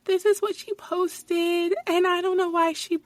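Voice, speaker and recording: A whiny, sugary baby voice, pitched high above the speaker's normal range, as a woman mocks a coworker. It comes out small and wheedling, the voice of someone playing innocent. The sound is dry and close. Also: flat delivery, measured pace, no room sound. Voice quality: high babyish voice.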